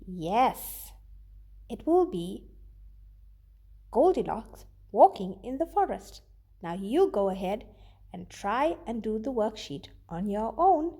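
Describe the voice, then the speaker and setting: A woman teacher reading a children's story aloud with expressive delivery, then giving her students a worksheet task. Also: on the high side, husky.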